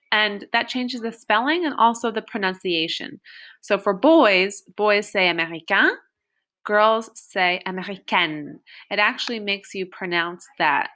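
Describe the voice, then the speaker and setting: Woman, French teacher, patient beginner lesson, bright tone. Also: mid-range voice. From United States. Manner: slow, clear modeling of example phrases.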